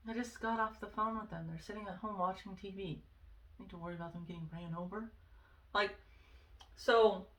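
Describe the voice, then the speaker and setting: A woman speaks in an earnest, conversational way, sharing personal advice and checking in with asides. Her voice is bright and forceful, and it sits a little back from the mic. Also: medium pitch, far from the mic. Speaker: vlogger sharing self-help advice. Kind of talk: casual personal advice talk.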